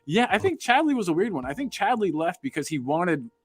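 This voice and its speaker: A man's voice: high-pitched, big pitch swings, fairly quick. A young American man hosting a casual chat, reading out live comments and rambling with repeated words. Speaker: podcast host.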